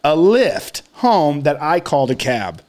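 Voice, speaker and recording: A man's voice: a little high, very animated, a little slow, darkish tone. A man telling a rambling, profane story in casual chat as a podcast co-host. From Austin, Texas area.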